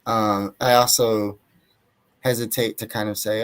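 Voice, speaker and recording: A young man from Atlanta, Georgia, losing his voice, speaks slowly and smoothly in a lowish voice with fairly even intonation. As an author guest in a casual interview, he talks thoughtfully, hedging often and using many fillers.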